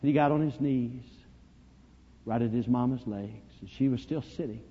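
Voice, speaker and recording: Husky-voiced preacher in a reverberant church. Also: male voice, mid-range voice, moderate pace. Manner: dramatic, swings from hushed to loud. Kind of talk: sermon storytelling. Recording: dull lo-fi recording, long reverb.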